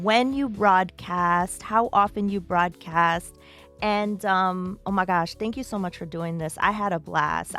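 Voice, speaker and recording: A woman's voice: mid-range voice, fairly bright tone. A woman hosting a casual stream interview, upbeat and enthusiastic.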